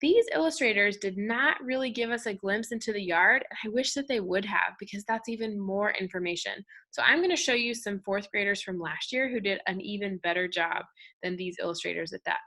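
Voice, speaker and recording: A woman's voice: mid-range voice, a little fast, pushed and bright. A woman teaching an art lesson to children, leading call-and-response chants with hand movements.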